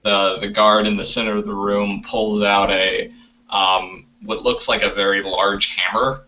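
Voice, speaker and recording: A man narrating as game master in loose, halting speech full of fillers, over a video call. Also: fairly low pitch, little pitch movement. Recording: distant, dull lo-fi call audio.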